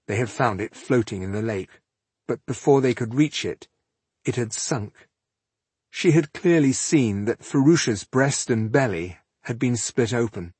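A man narrating an audiobook in a measured, expressive storytelling style. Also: lowish voice, slightly rough, no room sound. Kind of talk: scripted narration.

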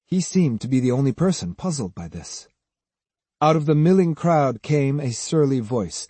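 A man's voice: mid-range voice, expressive, normal speed, warm tone, husky, no room sound. A man reading a novel aloud as an audiobook narrator, giving each character a voice. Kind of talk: scripted narration.

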